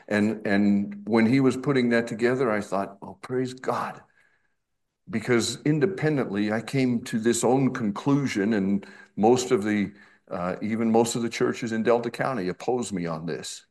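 A middle-aged male pastor preaching an expository sermon, slow and emphatic, with conversational asides. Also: lowish voice, a little mellow.

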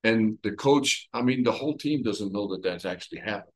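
A man leading a conversational Bible study, retelling the story with lively everyday comparisons. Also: fairly low pitch, brisk, poor audio. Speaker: Bible teacher.

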